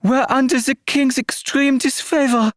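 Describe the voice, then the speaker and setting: A man voicing a grieving, pious royal mother in a high, quavering feminine voice. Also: steady tone, takes it slowly, a bit bright, dry recording, studio quality, exaggerated voice. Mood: tearful.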